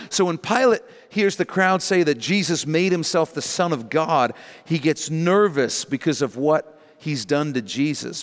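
A man's voice: on the high side, big-room sound. A man preaching a verse-by-verse sermon, emphatic and dropping in casual asides. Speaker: pastor. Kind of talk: sermon teaching through scripture.

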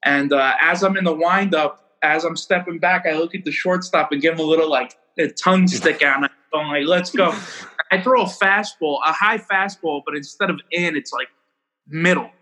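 A young man, a baseball pitcher, casually telling rambling, animated stories about his games and laughing at himself. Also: fairly quick, rough recording. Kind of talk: casual storytelling interview.

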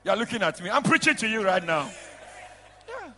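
A man, a bishop preaching a lively sermon in a large church, shouting out to the congregation and breaking into laughter. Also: high voice, fairly quick. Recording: long reverb of a church hall.

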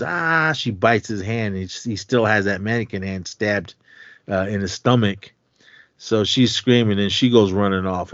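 In a casual film recap, a male podcast co-host with a lowish voice retells a horror movie's plot, jumping into quick acted-out character lines. The podcast audio is dull and dry, without echo.

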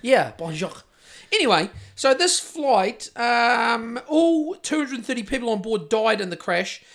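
A New Zealand man with a notably high voice, chatting on a podcast mic. He rambles from tangent to tangent, swears freely and keeps things jokey. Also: animated, unhurried, a bit bright. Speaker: podcast host. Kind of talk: casual chat.

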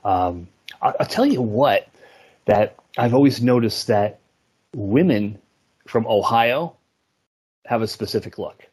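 A man's voice: mid-range voice, expressive, takes it slowly, long pauses, darkish tone, breathy edge. A middle-aged man from New York co-hosting a podcast, talking in a rambling way and often hunting for the right word. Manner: rambling, hesitant, searches for words. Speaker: podcast co-host. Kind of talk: casual chat.

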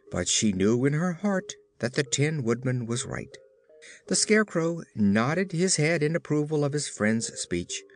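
A man doing scripted narration of a storybook in a measured, expressive way. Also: mid-range voice.

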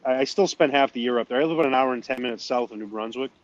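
A man from northern Maine talks casually as a podcast guest, easygoing and self-deprecating. His voice sits at a middle pitch, and the recording sounds a little dull. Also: rapid-fire. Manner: chatty, self-deprecating, with frequent restarts. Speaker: cigar company guest. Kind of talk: casual interview chat.

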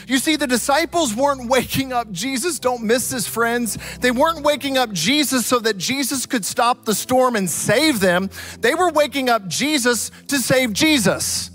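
A man preaching a sermon, telling a story dramatically and swinging from loud to hushed. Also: very high voice, animated, moderate pace, soft background music. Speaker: pastor.

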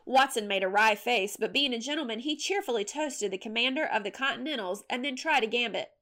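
A woman reading a history story as scripted narration, measured and steady. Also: on the high side.

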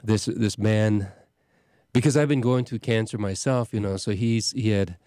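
A middle-aged man, a parish priest hosting a show, talking casually in a halting way with many restarts and fillers. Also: on the low side, warm tone, no echo, clean studio sound. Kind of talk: casual talk.

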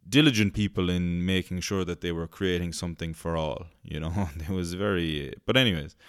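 A man's voice: low voice, smooth, dry recording, clean studio sound. A male podcast host rambling in casual chat, laughing easily and swearing freely.

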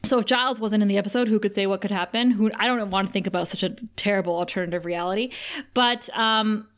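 A woman's voice: medium pitch, steady tone, fast talker. A woman from Canada co-hosting a podcast in casual chat, giggly and playful, often acting out scenes in voices. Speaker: podcast co-host.

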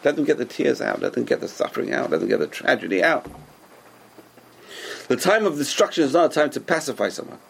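A man teaching a Torah class as a rabbi, animated and repetitive, who keeps asking rhetorical questions and answering them himself. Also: medium pitch, fast talker, vocal fry, a little hiss or hum.

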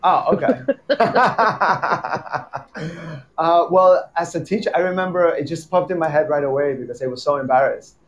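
A man who teaches tango, telling stories in a casual chat, animated and laughing often, repeating his words. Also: on the high side, unhurried.

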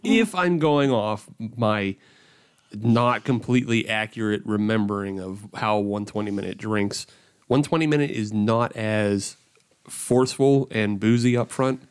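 A man's voice: fairly low pitch, unhurried, smooth. A man co-hosting a casual beer podcast, joking and laughing often with friends at the table. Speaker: podcast co-host. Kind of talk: casual chat over beers.

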